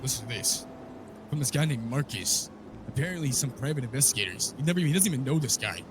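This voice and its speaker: A man recapping a wild story in character, swearing a lot and telling it with animated energy. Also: mid-range voice, quick pace, over music.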